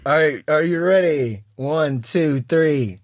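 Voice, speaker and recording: Young male podcast co-host, casual storyteller, laughs through his stories, slightly high voice. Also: slow pace, no echo, clean studio sound. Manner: laughs often while telling a story.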